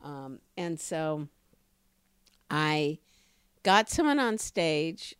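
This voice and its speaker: A woman co-hosting a podcast, telling stories in a lively, emphatic way with sudden rises in her voice. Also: drawn-out words, smooth, no echo, clean studio sound. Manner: animated storyteller, emphatic rises in pitch. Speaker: podcast co-host. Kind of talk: casual podcast conversation.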